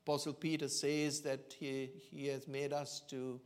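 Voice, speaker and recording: Male preacher, evening sermon in church, unhurried, earnest, lots of "uh" pauses. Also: medium pitch, level tone. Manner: slow, earnest storytelling with many pauses and fillers.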